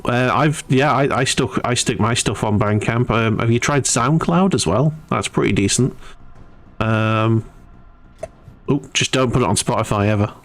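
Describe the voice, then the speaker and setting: A man's voice: mid-range voice, moderate pace. A man hosting a hobby painting stream in casual chat, stumbling and repeating words and laughing easily.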